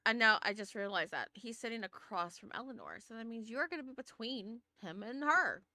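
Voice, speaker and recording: Lively, bright-voiced woman game master. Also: on the high side, brisk. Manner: chatty, hedging with fillers. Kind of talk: narrating a tabletop game.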